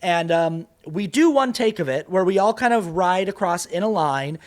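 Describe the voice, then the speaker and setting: A man with a somewhat high voice tells a story on a casual podcast. He laughs a lot as he goes and acts out other people's lines with loud bursts. His delivery stays loose and chatty. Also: moderate pace. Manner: animated, laughing, acts out quotes in raised voice. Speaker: guest actor and creator.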